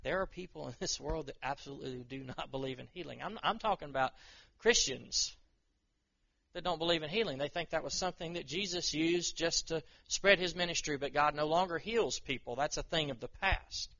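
Guy preaching in a loose chatty way, gravelly and bright, kinda muffled lo-fi sound. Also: fairly high pitch, fairly quick. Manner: conversational preaching, acts out inner voices. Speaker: pastor. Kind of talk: sermon.

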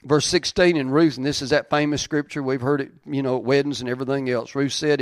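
A man's voice: mid-range voice, steady tone, fast, few pauses, dry recording. Man, preacher, sermon, reads scripture, emphatic repetition, dry recording. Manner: emphatic, repeats key lines, reads old-style verses.

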